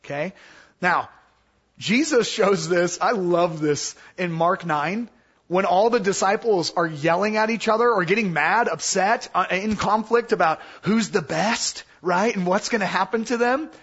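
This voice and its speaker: A man giving Bible teaching in a casual, animated way, acting out the voices he quotes. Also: sits high, unhurried, slightly rough, muffled recording.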